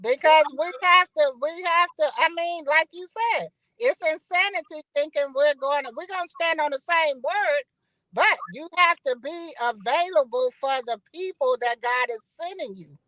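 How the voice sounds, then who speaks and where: A woman speaks as an earnest guest on a church talk show. Her voice is very high and bright, and she presses her points with insistent conviction. The sound is dry and close to the mic. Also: normal speed, no echo, rough recording. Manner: earnest, insistent, sprinkling in "you know what I'm saying". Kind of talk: passionate talk show discussion.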